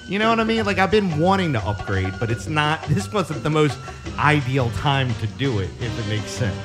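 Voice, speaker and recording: A man's voice: fairly high pitch, big pitch swings, normal speed. A man hosting a radio show, rambling and profane, joking about the new equipment he set up. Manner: rambling, profane, self-mocking. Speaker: radio show host running sound clips. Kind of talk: casual banter. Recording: loud music behind.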